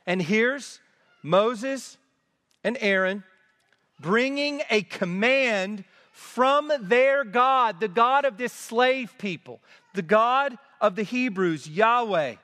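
A high-pitched man delivers a slow, deliberate sermon in a church sanctuary. He leans on repeated phrases for emphasis, and his voice rings with the long reverb of a large hall. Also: pushed and bright. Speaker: preacher.

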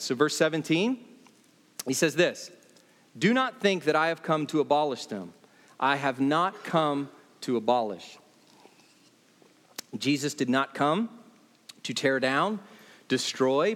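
Male pastor, high voice, emphatic sermon delivery, reverberant hall. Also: a bit bright. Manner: emphatic, repeats key phrases, voice dropping low on points. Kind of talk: expository sermon.

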